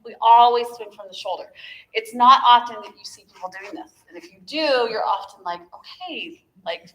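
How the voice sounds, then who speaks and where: A woman's voice: a little high, fairly quick, fairly bright tone. A woman teaching a viola masterclass, talking through bowing technique with chatty, encouraging asides. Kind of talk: masterclass coaching. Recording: echoey room with instrument playing.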